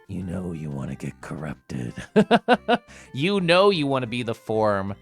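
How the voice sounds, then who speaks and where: A man voicing a low, sinister tempter luring someone toward corruption. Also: wildly swooping pitch, takes it slowly, creaky, slightly rough, faint music behind, full character voice. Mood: tempting.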